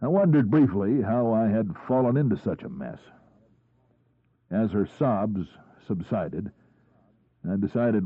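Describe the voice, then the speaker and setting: A man reading a crime audiobook in the first person, in a measured storytelling delivery. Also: lowish voice, expressive, no room sound. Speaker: audiobook narrator. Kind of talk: first-person scripted narration. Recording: tinny phone-like, husky, dry.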